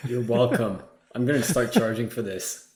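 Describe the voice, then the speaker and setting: A man's voice: mid-range voice, normal speed, darkish tone. A man on a casual tech podcast making wry, self-mocking jokes. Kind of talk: casual tech-security chat. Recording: roomy echo.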